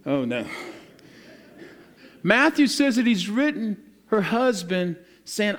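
A male pastor preaching a sermon, retelling scripture in a lively, casual storytelling way and acting out the people in it. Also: sits high, slow pace, pauses often.

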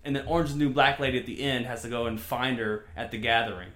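A man in casual chat who laughs often, swears freely and rambles through excited retellings. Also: mid-range voice, fast, reverberant.

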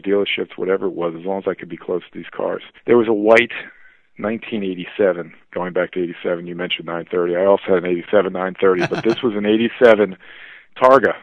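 Deep-voiced man on a tinny line. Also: no room sound. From New Jersey. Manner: enthusiastic, filler-heavy, restarts often. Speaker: podcast guest, publishing executive. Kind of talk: conversational interview storytelling. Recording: dry, phone-like narrow line.

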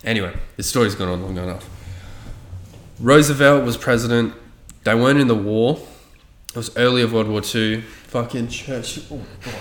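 A man's voice: mid-range voice, normal speed, echoey room. A man telling a rambling story in casual chat, swearing freely and loose with his facts.

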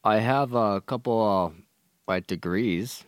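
A man answering podcast questions in a laid-back, halting way and leaning on fillers as he talks. His voice is very deep. The sound is close and dry, with no room around it. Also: dry recording. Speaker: podcast guest. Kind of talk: casual chat.

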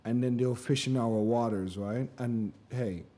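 A man co-hosting a laid-back podcast, his voice mellow and dark. He tells lively stories and slips into the voices of the people he quotes. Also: mid-range voice, measured pace. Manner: animated storyteller, acts out quotes. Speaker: podcast co-host. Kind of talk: casual podcast chat.

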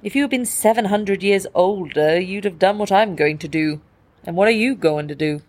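A woman's voice: medium pitch, normal speed, a little mellow, close to an everyday voice. A woman reading the lines of a worldly male English writer who teases his companion with wry remarks. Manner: wry, teasing.

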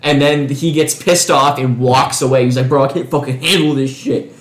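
A man's voice: mid-range voice, steady tone, normal speed. A man in casual chat, retelling reality show drama with many restarts. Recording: echoey room.

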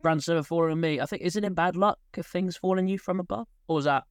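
A young man co-hosts a casual podcast, his voice on the high side and quick, smooth and studio-clean with no room sound. He rambles, cuts himself off, and laughs often.

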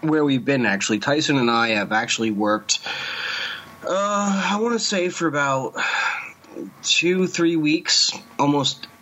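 A man co-hosting a podcast in casual chat, pausing often with fillers. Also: on the high side, noisy background. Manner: hesitant, many fillers. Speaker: podcast co-host. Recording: dull lo-fi sound.

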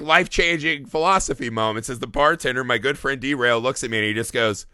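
A man's voice: mid-range voice, a little fast, hardly any pauses, clear, resonant tone, dry recording, clean studio sound. A man in a casual film discussion, telling stories with plenty of swearing. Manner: animated storyteller, swears freely. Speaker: podcast co-host.

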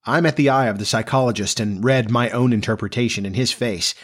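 A man narrating a classic novel in a measured, even storytelling manner. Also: fairly low pitch, slightly rough. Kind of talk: audiobook reading of a classic novel.

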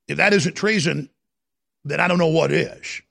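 Fairly high-pitched, creaky and a bit bright, this man's voice drives rapid-fire political talk on the radio. His commentary is impassioned and meandering, with phrases piling on top of each other and sentences restarting over and over.

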